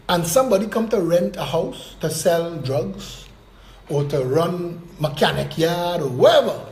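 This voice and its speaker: A man making a political speech, his voice pitched high. He talks in emphatic, declamatory bursts, and the sound rings around an echoey hall. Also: darkish tone. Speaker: political candidate. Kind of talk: campaign speech.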